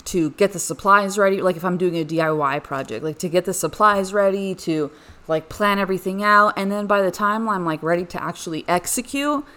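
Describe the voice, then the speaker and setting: Rambling young woman podcaster, slightly low. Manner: rambling, frequent "like" fillers, animated bursts. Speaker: podcast host. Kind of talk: casual personal podcast monologue.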